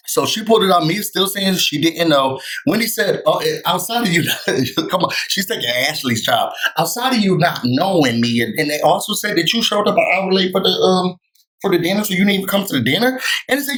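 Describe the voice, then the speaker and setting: A man hosting his own vlog, telling a reality-show recap in a sassy, animated way and acting out what the cast said. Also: a little high, brisk, low-quality recording. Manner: sassy, animated storytelling, acting out quoted lines. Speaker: recap vlogger.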